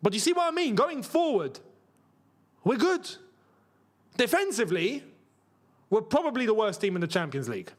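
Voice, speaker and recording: A young man hosting a live football watchalong, reacting with frustration and bursts of excitement. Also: high-pitched, moderate pace, long pauses. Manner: frustrated, animated, swings between muttering and shouting. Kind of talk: live match watchalong commentary.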